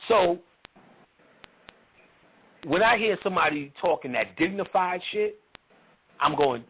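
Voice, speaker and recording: Gravelly profane teacher on a tinny line. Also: male voice, sits high, expressive, slow, long pauses. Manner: profane, joking, acts out voices. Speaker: occult teacher. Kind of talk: casual teaching talk. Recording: tinny phone-like recording with faint hiss.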